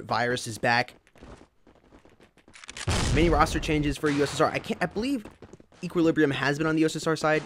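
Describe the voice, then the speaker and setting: A man's voice: mid-range voice, fairly bright tone, slight background noise. A man co-casting a mobile shooter match, calling plays and explaining strategy. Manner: analytical, rapid play calling. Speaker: esports co-commentator. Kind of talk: live play-by-play commentary.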